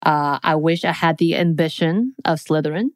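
A woman with a deep voice, recorded dry, talks at a normal speed as a podcast co-host. In this casual chat she reads out quiz questions, playful and teasing as she goes.

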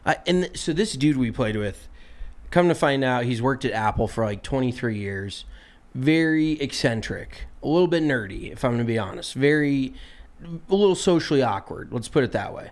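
A man co-hosting a podcast, telling a story in a casual, animated and profane way, sounding exasperated. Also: mid-range voice, moderate pace. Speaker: podcast co-host.

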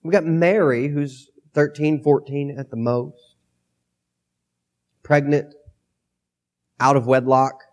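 A pastor with a cold preaching a sermon into a microphone, reading scripture aloud and then talking it through in a conversational way. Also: male voice, on the high side, steady tone, slow pace, long pauses, a little mellow. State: has a cold, coughing.

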